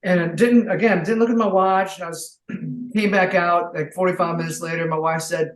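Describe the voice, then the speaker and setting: A man telling his comeback story as a podcast guest, earnest and full of faith, with bursts of excitement. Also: high-pitched, moderate pace. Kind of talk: casual interview chat. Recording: roomy echo.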